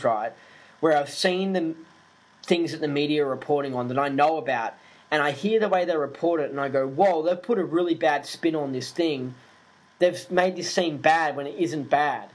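Ranting man, fairly high voice. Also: rough recording. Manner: animated, indignant, swears freely, many fillers. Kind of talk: casual ranting monologue.

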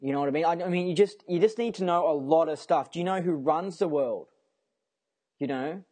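A man's voice: a little high, brisk, dark tone. A young man in a casual rant to camera, rambling and emphatic, swearing freely and restarting his sentences as he goes. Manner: repeats himself and restarts sentences.

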